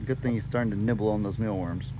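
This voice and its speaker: A man's voice: on the low side, fairly even intonation, fast talker, background noise. A man, chatting casually to viewers on his farm vlog. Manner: laid-back, talks to viewers as y'all. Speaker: farm vlogger. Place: outdoors on a farm.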